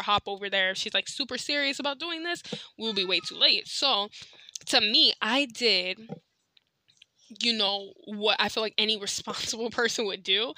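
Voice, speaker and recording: Bright-voiced young woman telling a story. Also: mid-range voice. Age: young adult. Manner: chatty, heavy filler words, candid and profane. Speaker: podcast host. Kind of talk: casual storytelling monologue.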